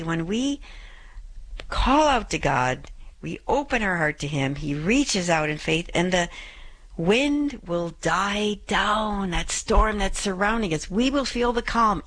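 A woman's voice: lowish voice, a bit bright, poor audio. A middle-aged woman hosting a call-in prayer show, giving an earnest gospel reflection and repeating scripture lines for emphasis.

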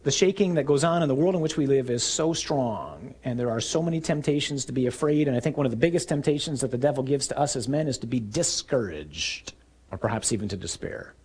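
A man preaching a sermon, telling stories vividly and acting out shouted lines. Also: medium pitch, fairly quick, breathy edge. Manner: animated storytelling, acting out shouts.

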